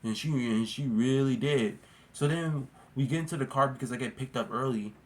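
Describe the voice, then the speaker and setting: A man talks straight to camera in a loose storytime vlog. He rambles, restarts, and fills his speech with slang like "bro" and "like". His pitch sits in an ordinary middle register. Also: normal speed. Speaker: vlogger. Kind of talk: casual storytime monologue.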